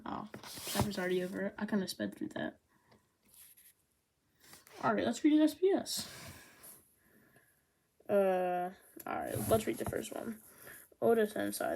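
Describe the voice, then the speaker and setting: Chatty sarcastic woman with a gravelly edge. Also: medium pitch, warm tone, slight background noise. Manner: chatty, sarcastic, recaps with quick impressions. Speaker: manga reviewer. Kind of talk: casual chat.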